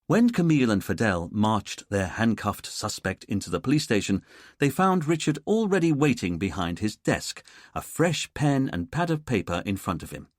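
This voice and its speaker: A man narrating a mystery audiobook in an expressive storytelling manner. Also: lowish voice, normal speed, no echo. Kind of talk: scripted narration. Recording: dry close studio sound.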